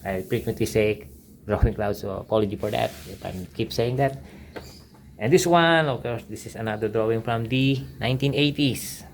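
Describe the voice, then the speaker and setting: Low-voiced man giving a rambling sketchbook tour. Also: moderate pace, vocal fry, slight background noise. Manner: rambling, many fillers and restarts, enthusiastic about aircraft. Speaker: art channel host. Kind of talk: casual sketchbook tour narration.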